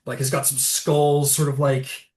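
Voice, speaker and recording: A man's voice: medium pitch, monotone, measured pace, a little mellow. A man narrating a tabletop game as game master, rambling loosely with fillers and swearing. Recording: roomy, distant mic.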